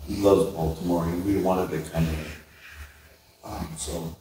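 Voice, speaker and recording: A man on a memorial panel, speaking softly and haltingly with pauses and fillers. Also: low-pitched, steady tone. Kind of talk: reflective remembrance. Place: convention hall panel room. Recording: echoey hall, distant mic, faint noise.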